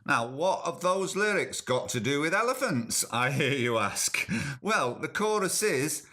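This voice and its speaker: A man hosts a comic podcast with a chatty, exasperated manner. His voice sits fairly high and sounds strikingly bright and forceful. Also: sing-song, a little slow. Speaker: podcast host.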